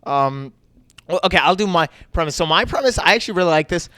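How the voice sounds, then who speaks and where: A man's voice: on the high side, animated, quick pace, pushed and bright, dry recording. A man co-hosting a comedy podcast in casual chat, rambling with lots of fillers and repeated yeahs.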